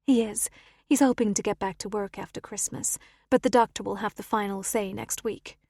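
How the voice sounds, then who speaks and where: Audiobook character, American vicar's wife, voiced by a woman, friendly, bright, middle pitch, dry sound. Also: steady tone, moderate pace, dry recording, close to an everyday voice.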